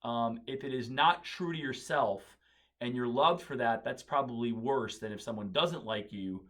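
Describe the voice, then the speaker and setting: A man's voice: mid-range voice, normal speed, a bit bright. A man hosting a daily positive quote video, speaking casually and thinking aloud, often searching for words and correcting himself. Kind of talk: casual spoken monologue.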